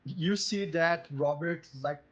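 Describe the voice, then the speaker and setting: A man narrates a tabletop horror game as game master. His voice sits a little high, and he paints scenes vividly while pausing on fillers. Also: fairly bright tone, highs cut off.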